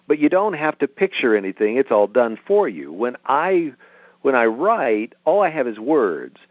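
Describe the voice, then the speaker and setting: Man, middle-aged, author guest, relaxed explaining, tinny phone line. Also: medium pitch, no echo. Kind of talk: interview over a phone line.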